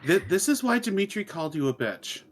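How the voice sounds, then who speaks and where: A man's voice: sits high, very animated, fairly quick, pitched above the performer's own voice. A man voicing an eager, odd male companion who craves approval, in a tabletop game.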